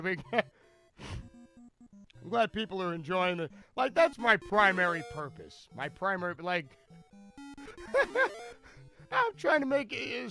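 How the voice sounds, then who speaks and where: A man commentating his own speedrun on a live stream, rambling from joke to joke and tripping over his words as he restarts phrases. His voice sits high for a man and sounds bright and sharp, with faint music underneath. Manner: rambling, jokey, stammering restarts.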